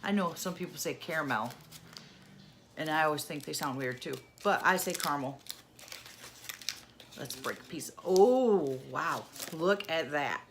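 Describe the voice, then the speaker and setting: A woman's voice: low voice, animated, slight background noise. A woman from New York State doing a candy taste-test vlog, savoring each bite and humming with delight. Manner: slow, savoring, lots of happy humming. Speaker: vlogger.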